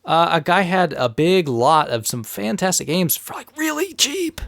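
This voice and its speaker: A man co-hosting a casual podcast, telling stories with lively bursts of rising pitch. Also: normal speed, gravelly, no echo. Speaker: podcast co-host.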